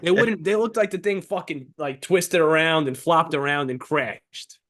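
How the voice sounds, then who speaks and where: In a casual podcast he co-hosts, a young man speaks at a normal speed in a slightly high voice. He argues emphatically, curses, and tells animated stories.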